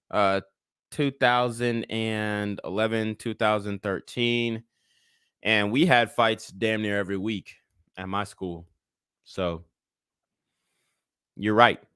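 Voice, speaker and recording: A man's voice: fairly low pitch, sharp tone, smooth, no echo, studio quality. A man in his twenties giving casual livestream commentary, a blunt and profane rambling storyteller.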